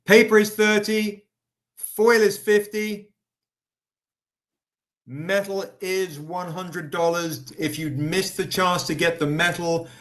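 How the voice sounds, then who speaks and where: A man's voice: high voice, fairly even intonation, takes it slowly, fairly bright tone. Upbeat man hosting a comics livestream. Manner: upbeat, chatty, greets viewers by name. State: tired, recovering. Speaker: livestream host selling comics. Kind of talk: casual live-stream sales pitch.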